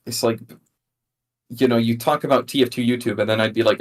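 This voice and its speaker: Relaxed man hosting a podcast. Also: medium pitch, a little fast. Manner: relaxed, joking, leading the talk. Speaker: podcast host. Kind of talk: casual chat.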